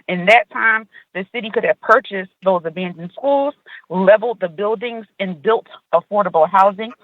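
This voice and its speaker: A woman policy advisor reading prepared public testimony over a phone call, earnest and steady with small restarts. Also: mid-range voice, moderate pace, no echo. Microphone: phone call from a car. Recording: tinny phone line, dry.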